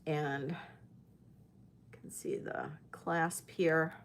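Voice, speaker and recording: A woman's voice: low-pitched, steady tone, drawn-out words, slight background noise. A woman selling jewelry in a live-stream auction, chatty and hesitant with many fillers. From United States.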